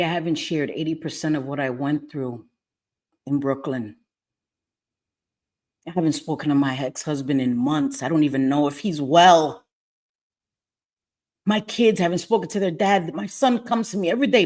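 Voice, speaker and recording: In a heated livestream captured by webcam or phone, a middle-aged woman curses and repeats herself while angrily talking to her chat. Her voice is low-pitched and a little mellow.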